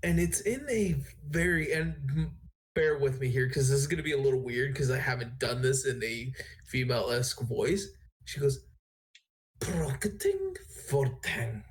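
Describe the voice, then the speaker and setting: A man's voice: mid-range voice, normal speed. Rambling game master man. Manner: rambling, self-correcting narration. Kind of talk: narrating a tabletop game.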